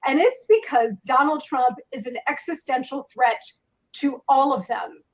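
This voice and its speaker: A woman guest commentator speaking remotely in an interview, arguing fluently and forcefully. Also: high voice, unhurried. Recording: dull remote line.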